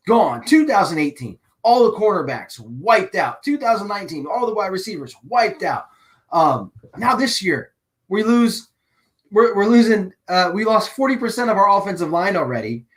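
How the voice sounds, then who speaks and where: A man rants on his live sports channel, his voice sitting a little high. He rambles, restarts his sentences and sounds openly exasperated. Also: a bit bright. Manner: rambling, with frequent restarts and fillers; emotional and exasperated. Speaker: channel host. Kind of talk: live-stream sports rant.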